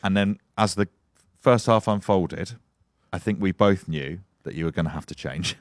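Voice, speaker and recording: Deep-voiced English man chatting. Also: moderate pace, dry recording, clean studio sound. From England. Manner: relaxed storytelling, teasing his co-host. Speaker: podcast co-host. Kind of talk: casual chat. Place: their home.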